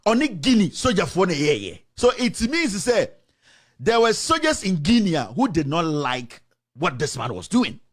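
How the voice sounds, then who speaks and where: Ghanaian-accented man, political host, passionate, lively pitch, mixes in Twi. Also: measured pace. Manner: impassioned, indignant ranting; switches between English and Twi. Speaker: show host. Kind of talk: political commentary.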